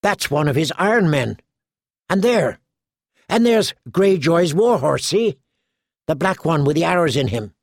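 A hard-bitten wildling spearwoman with a blunt, gruff way of talking, as a male narrator puts her on. The voice climbs well above his own and has a gravelly edge. It comes through dry and close, like a storybook reading. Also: on the high side, big pitch swings, a little slow, long pauses, dry recording, voice pushed up, heavily acted. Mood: blunt, pointing out. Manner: blunt, gruff, plain-spoken.

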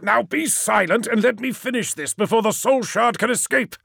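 A man puts on a cold, scheming sorcerer warrior who snaps back in a raised, strained voice. His tone is pitched well above the narrator's own and sounds gravelly. It is recorded dry and close for an audiobook. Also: moderate pace, dry recording, heavily acted. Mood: cutting. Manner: sharp, snapping retorts.

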